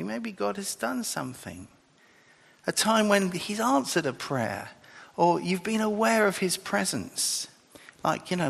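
A man's voice: high-pitched, vocal fry, a bit bright, long reverb tail. A man preaching a sermon in a loose, conversational way, with restarts and asides.

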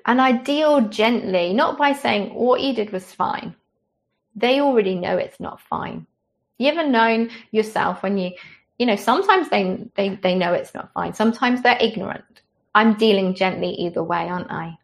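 A woman preaching a sermon with a gravelly rasp in her voice. She speaks in a mid-range pitch, earnest and conversational, and gentle in manner. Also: expressive, normal speed.

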